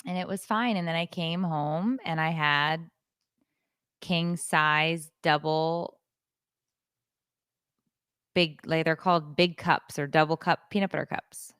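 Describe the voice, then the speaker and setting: Smooth-voiced woman telling a story. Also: low-pitched, slow pace, pauses often, dry recording, studio quality. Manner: animated storyteller, acts out quoted voices. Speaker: podcast co-host. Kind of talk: casual chat.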